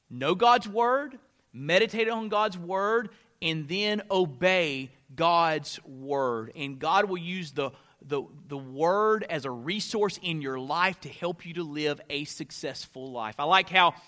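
Pastor guy preaching, high bright voice, goes loud then drops quiet. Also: slow pace. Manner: dynamic preaching, swinging from loud to hushed. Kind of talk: sermon.

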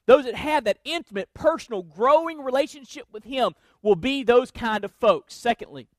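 A man's voice: very high voice, lively intonation, normal speed, few pauses, no echo, studio quality. A man preaching a sermon, teaching from scripture with emphatic, repeated refrains. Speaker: pastor.

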